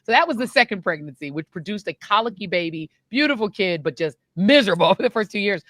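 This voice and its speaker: A middle-aged woman tells a story on her podcast in a casual, animated way, often laughing and slipping into other people's voices. Her pitch swings widely and her tone is bright. The recording is dry and close. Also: fast, no echo. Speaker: podcast host.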